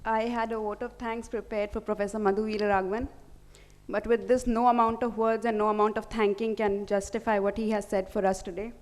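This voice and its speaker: Earnest student reading thanks. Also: female voice, mid-range voice, little pitch movement, a little fast, darkish tone. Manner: read from notes, earnest. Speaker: student giving vote of thanks. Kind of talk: prepared vote of thanks speech. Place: large auditorium hall. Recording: reverberant hall.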